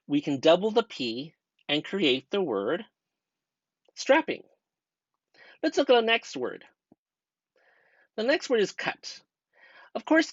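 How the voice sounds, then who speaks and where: Young man, student teacher, grammar lesson, patient step-by-step, lively pitch, dry dull lo-fi voice-over. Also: no room sound. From United States. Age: young adult. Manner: patient, step-by-step teacher talk with rhetorical questions.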